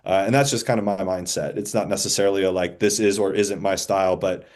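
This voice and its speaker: A man in his forties, a band's drummer, talking in a relaxed, rambling, self-deprecating way as a podcast guest. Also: low-pitched, fast talker. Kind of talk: casual podcast chat.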